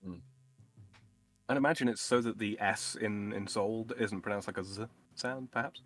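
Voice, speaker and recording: A man's voice: on the low side, normal speed, a bit bright, soft background music. A man joking around as a guest in a casual chat, laughing often and swearing.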